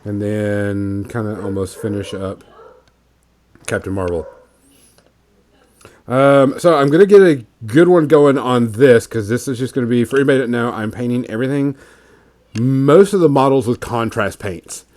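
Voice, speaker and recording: A man hosting a casual podcast, chatting in a relaxed, rambling way with plenty of fillers while he paints miniatures. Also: medium pitch, moderate pace.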